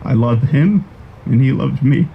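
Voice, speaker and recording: A man giving a measured, reflective eulogy for a friend at a graveside. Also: medium pitch, vocal fry, dull audio, a little hiss or hum. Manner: measured and reflective, with a few restarts. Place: outdoors at a graveside.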